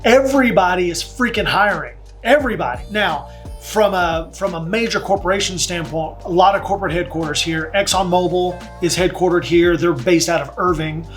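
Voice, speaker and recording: A man's voice: high-pitched, normal speed, a bit bright, faint music behind. Chatty man talking straight to camera. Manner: chatty and conversational, with filler words and asides. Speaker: real estate agent. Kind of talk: casual talking-to-camera vlog.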